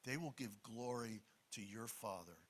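A man's voice: on the low side, moderate pace. A man preaching a sermon in an emphatic, conversational way, with asides to the congregation.

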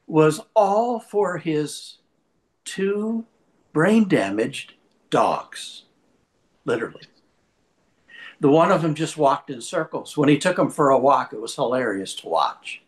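Male preacher, slightly higher voice, very animated, storytelling sermon. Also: slow, pauses often. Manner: lively storyteller, shifts pace for effect. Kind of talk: sermon with personal anecdote.

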